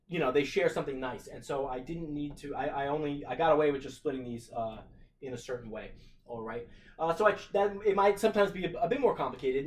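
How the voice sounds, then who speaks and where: A man's voice: a little high, a little hiss or hum. A middle-aged man, a teacher, talking through a math problem for his class, thinking aloud with plenty of fillers and restarts. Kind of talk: recorded math lesson walkthrough.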